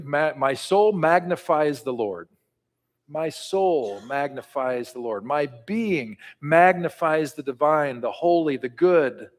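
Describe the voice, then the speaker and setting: A man preaching a sermon and leading a prayer, earnest and building to call-and-response. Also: mid-range voice. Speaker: pastor. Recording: reverberant hall.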